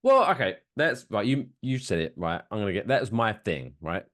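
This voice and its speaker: Animated low-voiced male podcast host. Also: normal speed. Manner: animated storyteller acting out other people's lines. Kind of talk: casual podcast chat.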